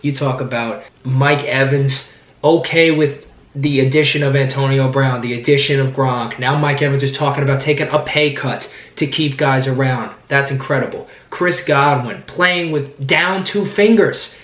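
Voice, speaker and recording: An excited man talks through a sports season in a fan vlog, rambling and circling back on his words. His voice sits at a middle pitch and rings in a roomy, echoing space. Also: normal speed. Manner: enthusiastic, rambling, repeats words. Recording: roomy echo.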